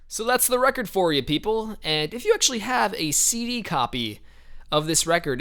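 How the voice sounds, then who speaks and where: A man's voice: medium pitch, fairly bright tone, smooth. A young man giving casual, rambling commentary on his band's album, laughing often and hedging with fillers.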